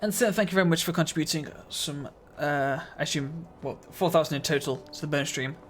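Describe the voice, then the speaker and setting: A man's voice: fairly high pitch, a little fast, a bit bright, soft background music. A man streaming a video game live, chatting casually with his viewers in a laid-back, slightly mumbly way and chuckling often.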